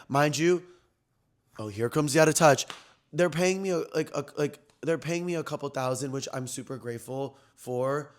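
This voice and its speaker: A young man hosting his own podcast, telling a story in an animated, slangy, gossipy way, often jumping between loud and soft. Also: mid-range voice. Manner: animated, slangy and gossipy, with quick swings in loudness. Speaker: podcast host. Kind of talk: casual storytelling chat.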